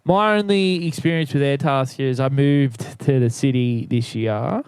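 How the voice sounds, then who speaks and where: Young man, podcast co-host, rambling storyteller, smooth clear voice, dry close sound. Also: mid-range voice, normal speed, darkish tone, no echo. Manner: rambling storyteller, swears freely, acts out quotes. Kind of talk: casual chat.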